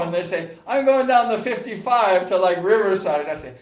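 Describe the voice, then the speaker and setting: Older guy with a high voice, rambly and excitable, says like a lot, kinda dull echoey sound. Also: fairly quick, far from the mic. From Southern California. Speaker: vlogger, former speedway rider. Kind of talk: casual reminiscing monologue.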